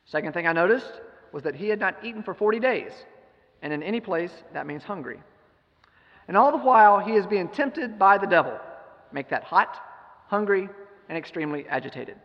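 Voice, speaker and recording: A man's voice: sits high, expressive, normal speed, in a large hall, highs cut off. A man giving a sermon, retelling a scripture story with emphatic rhetorical questions. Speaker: preacher.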